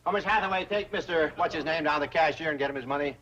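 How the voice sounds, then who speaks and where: An actor playing a fussy, greedy older banker who talks in a pompous, flowery, wheedling way. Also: male voice, on the high side, racing, a loud crowd, very noisy, natural voice. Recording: dull old TV soundtrack.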